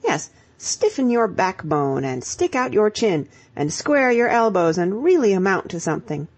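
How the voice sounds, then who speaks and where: A woman's voice: medium pitch, sing-song, moderate pace. Woman voicing a spirited, emphatic young woman. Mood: lecturing. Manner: emphatic, lecturing, exclamatory. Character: spirited young woman giving brisk advice.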